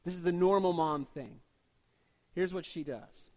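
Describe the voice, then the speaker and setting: A man with a fairly high voice preaches a sermon in an easygoing, conversational way. He jokes with the congregation and drops into short voiced asides between scripture readings. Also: measured pace. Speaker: pastor.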